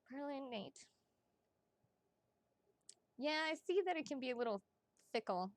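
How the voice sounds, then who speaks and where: In a fairly high voice at a moderate pace, a woman delivers psychic readings over a casual live stream, broken up by long pauses. She's chatty and excitable, swears freely, and talks directly to her audience, with no room sound in the audio.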